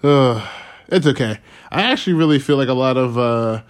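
Young man, solo podcast rant, rambling, tangents, chuckles, mid-pitched voice. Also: moderate pace. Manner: rambling, loses his train of thought; chuckles between points. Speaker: podcast host.

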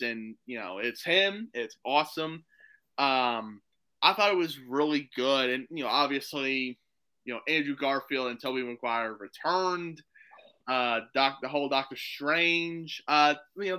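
A man chatting as a podcast guest, rambling excitedly with lots of fillers. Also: medium pitch, unhurried, smooth, poor audio. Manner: excited, rambling, full of "like" and "you know". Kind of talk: casual chat.

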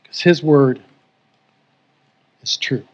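Drawing out his words in a mid-range voice, a middle-aged pastor delivers a sermon, sharing a personal story and leading prayer. He's earnest and emotional and grows fervent, captured in lo-fi sound.

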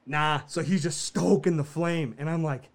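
A man's voice: on the high side, normal speed, creaky. A man co-hosting a podcast, telling a story in casual chat, swearing freely and laughing often. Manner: profane, laughing, animated storyteller. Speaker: podcast co-host.

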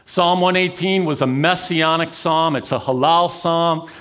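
A man preaching a sermon, telling the story with dramatic swings between raised intensity and near-whispered pauses. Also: on the high side, steady tone. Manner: dramatic, swings from loud to hushed. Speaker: pastor.

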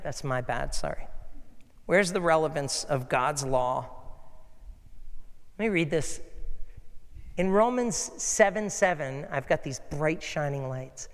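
A middle-aged man preaching a sermon as a pastor, telling stories in an earnest, conversational way. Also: on the high side. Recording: echoey hall.

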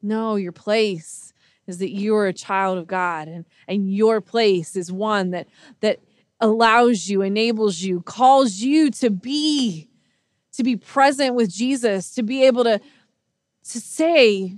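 A woman's voice: mid-range voice, slow pace, no room sound. A woman preaching a sermon in earnest storytelling style, with frequent restarts.

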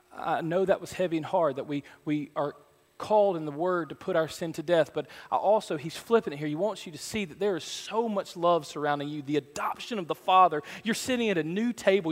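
A man preaching a sermon from the pulpit, earnest and building to loud, emphatic passages. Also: a little high. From Georgia, USA. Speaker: pastor. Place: church sanctuary. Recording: church hall reverb.

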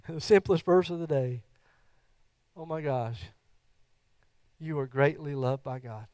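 A middle-aged man preaching a sermon as a church pastor, moving between loud, fervent declarations and soft, earnest talk. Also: on the high side, takes it slowly, long pauses, no room sound, studio quality. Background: guitar music.

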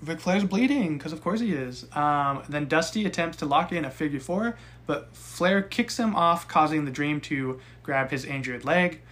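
A young man co-hosting a casual podcast, recapping a wrestling match with profane, animated rants. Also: fairly high pitch, normal speed, few pauses. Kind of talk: casual chat.

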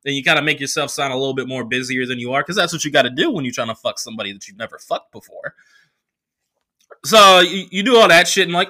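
A young man, a comedian from the Bay Area, telling a profane, animated story in casual talk and acting out the voices he quotes. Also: medium pitch, fast talker. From San Francisco Bay Area. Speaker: comedian podcast host.

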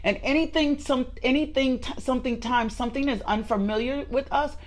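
A woman's voice: high voice, brisk. A woman leading a morning devotional, moving from murmured repeated thanks into emphatic, restless preaching with many fillers and restarts. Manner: fervent, repetitive prayer building to emphatic preaching; fillers and restarts, talks directly to listeners.

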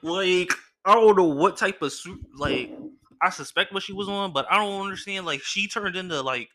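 Bright-voiced young man telling stories. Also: sits high, normal speed. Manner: animated, slangy, laughs between lines. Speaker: podcast host. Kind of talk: casual storytelling.

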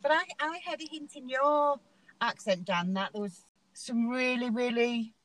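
Enthusiastic Hull woman, higher voice. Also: a little slow, fairly bright tone, slight background noise, low-quality recording. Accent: Hull, with pronounced H's. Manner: enthusiastic, repeats herself. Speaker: podcast co-host. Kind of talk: casual chat.

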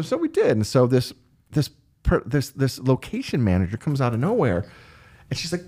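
An animated man who tells stories in a loose, conversational way. His voice sits at an ordinary middle pitch, and he often breaks into the voices of the people he describes. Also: moderate pace. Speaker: line producer guest. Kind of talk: casual storytelling interview.

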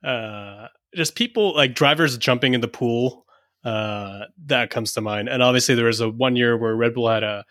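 A man from France co-hosting a podcast in casual chat, laughing often and quick with asides. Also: mid-range voice, a bit bright, no room sound, studio quality. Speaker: podcast co-host.

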